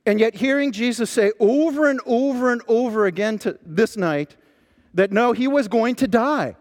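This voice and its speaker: A man preaching a sermon, telling stories with lively emphasis as a pastor. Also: very high voice, normal speed, in a large hall. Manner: animated storytelling preacher.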